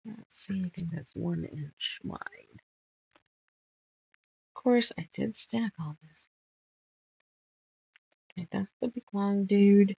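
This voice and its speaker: A woman's voice: medium pitch, slow, gravelly, pauses often, warm tone, breathy edge, dry recording, muffled recording. A woman hosting a casual sew-along, muttering measurements and chatting while she sorts fabric pieces. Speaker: quilting channel host.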